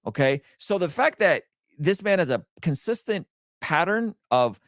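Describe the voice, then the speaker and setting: Guy doing a snarky commentary video, kinda high voice, no room echo. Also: big pitch swings, a little slow, fairly bright tone, clean studio sound. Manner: critical, sarcastic. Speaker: online commentator.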